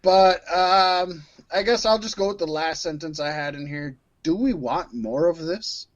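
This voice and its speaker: A man's voice: on the high side, unhurried, lo-fi sound. A man co-hosting a podcast, chatting casually and animatedly, laughing as he talks. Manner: animated, laughs while talking. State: coughing. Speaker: podcast co-host. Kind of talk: casual chat.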